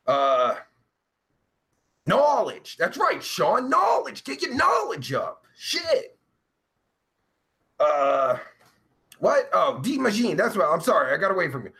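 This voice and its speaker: A man hosting a live stream, reading chat aloud in a brash, profane, loud way. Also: high voice, creaky.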